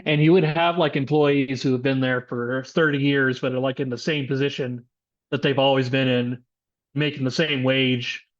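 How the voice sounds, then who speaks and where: A man's voice: mid-range voice, fairly even intonation, moderate pace, dull audio. A man who is a voice actor chatting casually on a podcast, loose and laughing easily.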